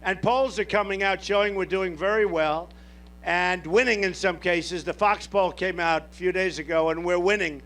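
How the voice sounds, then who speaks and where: A presidential candidate with a high-pitched, slightly bright voice speaks at a moderate pace and in a steady tone. At an outdoor airport rally, he delivers a boastful, repetitive campaign speech, talking off the cuff to the crowd.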